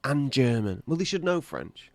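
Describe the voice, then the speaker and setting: A man's voice: medium pitch, sing-song, moderate pace, creaky. A man co-hosting a podcast, retelling scenes in casual comedic chat with frequent laughter. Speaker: podcast co-host.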